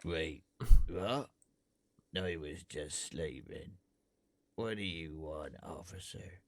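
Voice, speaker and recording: Weary dock worker: low, slow, unenthusiastic game voice. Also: male voice. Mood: glum.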